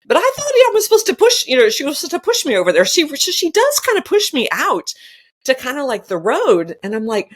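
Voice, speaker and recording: A woman's voice: high-pitched, fairly quick. A woman in her sixties, a podcast guest, telling a personal story in casual conversation, acting out what people said and laughing often. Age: 60s. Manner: animated, laughing often, acting out quoted dialogue.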